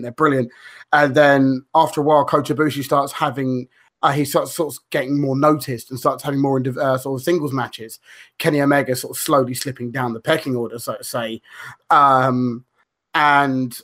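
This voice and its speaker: A man's voice: medium pitch, a bit bright. A man co-hosting a podcast, rambling through a story in casual chat with lots of fillers, restarts and swearing. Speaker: podcast co-host.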